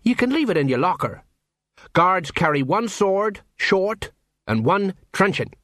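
A man's voice: high voice, very animated, unhurried, fairly bright tone, no echo, clean studio sound, voice pushed up, full character voice. A man voicing a flustered, pompous middle-aged watch sergeant who talks in a hesitant sing-song. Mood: blustering.

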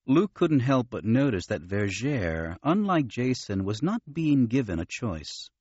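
Guy narrating an audiobook, low voice, very dry, kinda muffled lo-fi. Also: very animated, unhurried, hardly any pauses, darkish tone, no echo. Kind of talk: scripted narration.

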